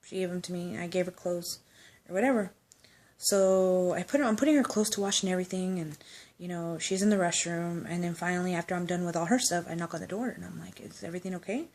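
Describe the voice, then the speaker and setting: A woman tells a personal anecdote in a casual, loose, chatty way, swearing, laughing on the side, and acting out the quotes. Her voice is lowish, steady, and darkish, and she talks fast.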